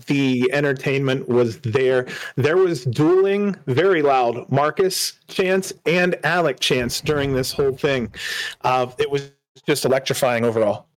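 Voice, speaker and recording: A man co-hosting a casual podcast, telling the story in a lively, quick way. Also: on the high side. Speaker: podcast co-host.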